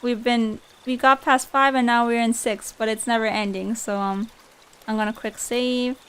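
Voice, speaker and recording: Young woman streamer, slightly high-pitched and giggly, casual late-night chat at a home desk mic. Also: fairly even intonation, normal speed, smooth. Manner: giggly, laughs often between lines. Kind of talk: casual game livestream chat.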